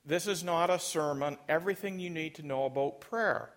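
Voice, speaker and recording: A man's voice: a little high, moderate pace. A man preaching a sermon as pastor, emphatic and leading his congregation in call and response. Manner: emphatic, rising to loud peaks.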